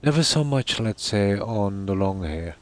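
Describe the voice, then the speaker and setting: A man's voice: on the low side, lively intonation, measured pace, no echo. A man from Ireland with an Irish Midlands accent, chatting casually with viewers while he plays, rambling with many fillers. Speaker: streamer.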